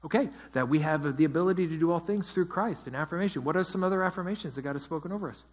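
Husky pastor teaching a group. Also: male voice, fairly high pitch, rapid-fire. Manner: asks the group questions and repeats their answers. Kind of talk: interactive Bible study teaching. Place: church.

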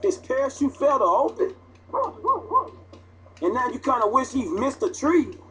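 A man's voice: very high voice, unhurried, a bit bright, a little hiss or hum. An actor voicing a wry, streetwise young man in a video game, who sounds profane and incredulous.

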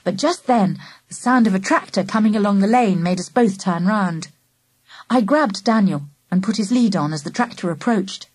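A woman narrating a children's story aloud in a lively, animated first-person voice. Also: medium pitch, moderate pace, breathy edge, no echo. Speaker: audiobook narrator.

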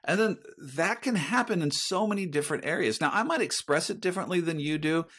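A man's voice: on the high side, expressive, fairly quick, fairly bright tone. A middle-aged man speaking as a guest author in a podcast interview, earnest and reflective as he talks about faith.

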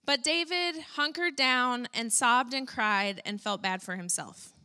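A woman preaching a conversational, animated sermon in a church, with casual fillers. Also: a little high, a little slow.

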